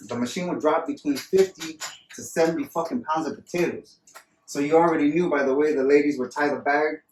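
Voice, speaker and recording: Speaking fairly quickly in a slightly high voice, this podcast co-host is a profane, rambling storyteller in casual conversation. The recording is roomy and distant from the mic, with faint ambience and a little hiss or hum.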